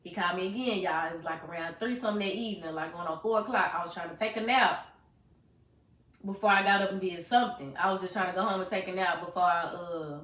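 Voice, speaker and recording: A young woman with a bright, forward voice tells a hard story in a lively, animated way, acting out the people in it. Her voice rings in a roomy space. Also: on the low side, fast talker. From Arkansas. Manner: animated retelling, acts out quoted voices, swears freely. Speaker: podcast co-host. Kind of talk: casual emotional storytelling. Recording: roomy echo.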